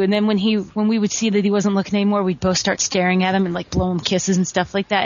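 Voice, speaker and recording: A woman in her thirties, a wrestler, telling stories in a chatty, animated way as an interview guest. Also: mid-range voice, fast talker, few pauses. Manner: chatty, animated, lots of "like" fillers. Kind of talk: casual storytelling over a call. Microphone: phone. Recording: dull lo-fi phone-line audio.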